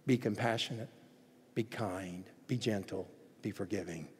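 A man preaching a sermon as pastor in a church, swinging between hushed, gentle passages and loud, excited ones. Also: fairly low pitch, unhurried, a little hiss or hum. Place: church sanctuary. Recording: echoey hall reverb.

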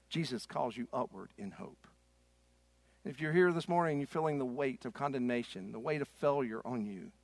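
A man preaches a sermon in a voice of middling pitch. He swings between loud, forceful stretches and quiet, slow passages, and the sound is dry and close. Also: no room sound. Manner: preaches with rising intensity, then soft and slow. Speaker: pastor.

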